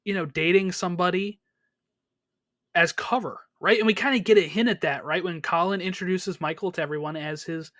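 A man's voice: high-pitched, a little fast, fairly bright tone, no room sound, clean studio sound. A man co-hosting a podcast, chatting casually about a TV episode, with lots of fillers and questions to his co-host. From United States. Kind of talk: casual chat recapping a TV episode.

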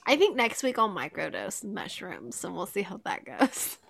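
A woman's voice: mid-range voice, normal speed, vocal fry, breathy edge. A woman in her thirties co-hosting a podcast in casual, giggly chat, telling stories with lots of laughter over a remote call. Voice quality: giggly, lively storyteller. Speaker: podcast co-host.

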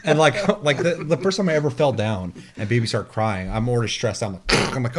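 A man in casual chat about a video game, telling animated stories with laughter, swearing and mimicked sounds. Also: medium pitch, quick pace, hardly any pauses, background noise.

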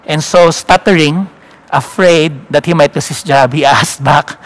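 Preacher man teaching scripture. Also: a little high. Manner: checks in with listeners by asking "no?" and "okay?"; storytelling, slows down for emphasis. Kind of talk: Bible teaching sermon.

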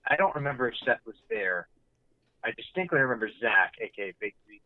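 A man's voice: medium pitch, sing-song, fast, dry recording, narrow, tinny audio. A young man co-hosting a casual chat podcast, telling stories wryly and acting out quotes. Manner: wry storyteller, acts out quotes. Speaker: podcast co-host.

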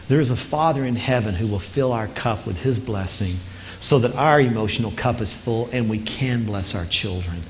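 A man's voice: on the low side, slight background noise. A man preaching a sermon to parents, earnest and emphatic, repeating key phrases and telling stories with energy. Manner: lively storyteller, speeds up in anecdotes. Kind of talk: sermon with storytelling.

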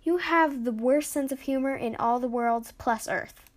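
A young girl adventurer from a storybook, quick to exclaim and easily exasperated, as a woman reads her lines. She sits high in pitch and speaks with eager, frustrated energy. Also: natural voice.

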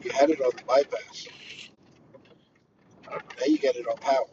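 A man's voice: mid-range voice, steady tone, normal speed. A man co-hosting a casual podcast in a laid-back, teasing way, laughing often. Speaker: podcast co-host. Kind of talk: casual chat. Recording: distant lo-fi mic with clear background noise.

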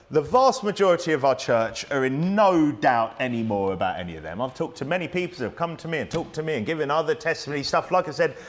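A man preaching a sermon, conversational and emphatic, often asking his listeners rhetorical questions. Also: a little high.

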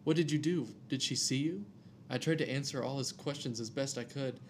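A little fast and medium in pitch, a man's voice carries a casual reading of a scary story. Jokes interrupt the telling, names trip him up, and there's faint music behind him.

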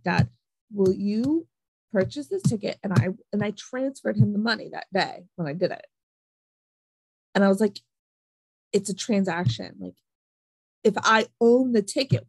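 Husky young woman telling a rant. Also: mid-range voice, no room sound, rough recording. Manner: animated storytelling, lots of "like". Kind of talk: casual chat.

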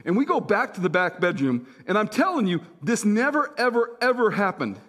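A middle-aged man preaching a sermon as senior pastor, talking conversationally with asides to the congregation. He swings between loud, punchy lines and soft, slow, hushed ones. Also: high-pitched, sing-song.

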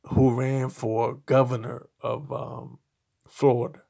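Slow, gravelly man ranting bluntly. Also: mid-range voice, flat delivery, mellow. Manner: blunt, profane and emphatic; slow, halting delivery with repeated restarts. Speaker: podcast commentator. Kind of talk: opinionated solo commentary.

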